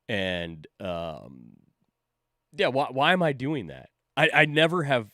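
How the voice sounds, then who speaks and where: A man's voice: mid-range voice, very animated, slow, sharp tone, dry recording, clean studio sound. A man hosting a stream, talking in a casual, rambling and profane way, often mocking himself and laughing. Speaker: streamer host. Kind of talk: casual chat.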